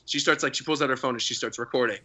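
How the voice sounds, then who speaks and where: Bright-voiced chatty man. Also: medium pitch, very fast. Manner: animated, lots of fillers and acted-out quotes. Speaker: podcast guest. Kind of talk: casual storytelling.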